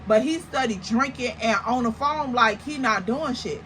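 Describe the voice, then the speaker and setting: A young woman tells a storytime to camera. Her voice is bright and sits a little high. She talks in a slangy, animated way, piling up exaggerated comparisons, over a faint background hiss. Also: moderate pace, poor audio. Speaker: storytime vlogger.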